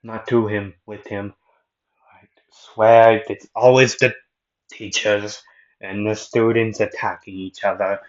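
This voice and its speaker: A bewildered warrior voiced by a man rambles in a heavy put-on foreign accent, pitched above the performer's low natural voice. He sounds puzzled about everything around him. The lo-fi recording gives it a dull, muffled edge. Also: level tone, slow. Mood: baffled.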